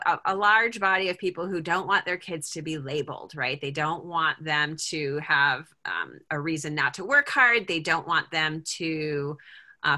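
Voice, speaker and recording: Middle-aged woman, parent group leader, chatty and rambling, bright forceful tone, slightly low pitch, video call. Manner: chatty, thinks aloud with many fillers and restarts. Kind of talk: casual talk to parents.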